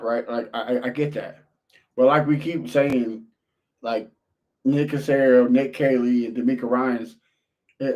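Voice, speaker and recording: A man chatting casually as a fan-show co-host, often restarting his sentences. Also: medium pitch.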